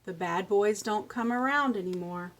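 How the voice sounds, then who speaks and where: A woman giving a children's speech lesson, reading a picture book aloud and slowly modeling words for a young child to repeat. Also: medium pitch. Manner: slow, encouraging, exaggerates word sounds for a child. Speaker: speech therapist.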